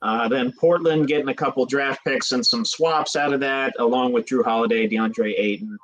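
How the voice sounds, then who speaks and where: A man's voice: mid-range voice, steady tone, normal speed, a bit bright, poor audio. Laid-back man talking sports. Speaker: podcast co-host. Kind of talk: casual sports chat.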